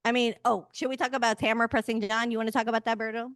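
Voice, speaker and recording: Animated, foul-mouthed woman recapping TV. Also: a little high, rapid-fire, no echo, clean studio sound. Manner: animated, profane, acts out cast members' lines. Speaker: podcast co-host. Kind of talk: casual recap chat.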